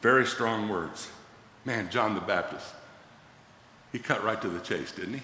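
A man preaching in a church sanctuary, his bright, forceful voice ringing through a large echoey hall. He delivers his sermon with animated, dramatic bursts as he quotes scripture. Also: fairly low pitch, a little slow. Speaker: pastor.

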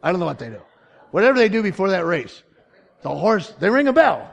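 A man with a high-pitched voice preaching a sermon. He tells stories with dramatic swings in volume, dropping to quiet asides and rising to loud punchlines. He chuckles often along the way. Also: sing-song, a little fast, gravelly. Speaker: pastor.

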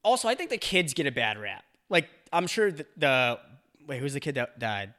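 Rambling crude man, bright voice. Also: mid-range voice, big pitch swings, moderate pace. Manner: rambling, crude, lots of fillers and restarts. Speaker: podcast co-host. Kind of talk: casual chat.

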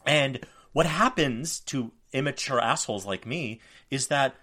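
A man in his forties co-hosting a podcast, telling stories in an animated, profane, self-mocking way. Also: medium pitch, measured pace. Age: 40s. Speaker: podcast co-host. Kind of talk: casual chat.

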